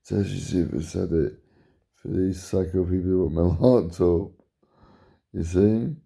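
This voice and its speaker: This vlogger, a tired man, gives a meandering monologue to camera, repeating himself and yawning every so often. He's unhurried, with a steady tone broken by sudden pitch jumps, and his creaky, warm voice has a breathy edge.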